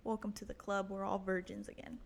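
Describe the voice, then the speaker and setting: A woman's voice: medium pitch, little pitch movement, fairly quick, gravelly. A young woman hosting her own podcast in a casual solo monologue, crude and self-mocking, swearing often and laughing at her own jokes. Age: young adult. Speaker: podcast host.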